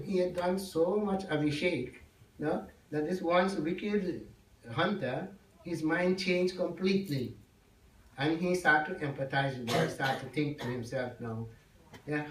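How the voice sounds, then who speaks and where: A man's voice: a little high, measured pace. A man telling a devotional story to an audience, often checking in with 'yes?' and 'no?'. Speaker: religious storyteller. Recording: echoey hall, mic far off.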